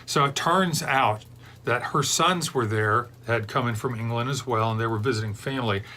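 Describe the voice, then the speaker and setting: A man's voice: mid-range voice, normal speed, pushed and bright, slight background noise. Digressive middle-aged man hosting a beer show. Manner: digressive, chatty storyteller. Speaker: beer reviewer, show host. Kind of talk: rambling casual chat.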